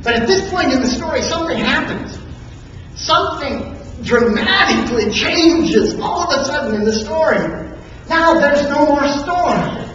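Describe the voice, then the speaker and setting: Preacher for a slow, dramatic sermon, recorded from far back in a reverberant church hall. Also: sits high, animated, a bit bright, slight background noise. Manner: dramatic storytelling with emphatic pauses. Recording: echoey hall from far off, dull and lo-fi.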